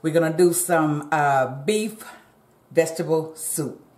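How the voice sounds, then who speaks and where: Low slow-talking woman cooking in her kitchen, roomy echo, chatty with y'all. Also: a little mellow. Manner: chatty, talks straight to viewers as "y'all". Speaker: cooking channel host. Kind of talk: casual cooking vlog chat. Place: home kitchen.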